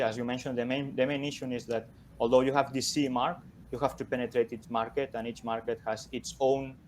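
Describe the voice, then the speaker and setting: Founder taking judge questions, halting speech, even tone, faint background hiss. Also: male voice, mid-range voice. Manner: halting, repeats words while searching. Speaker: startup founder answering judges. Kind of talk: Q&A after a pitch.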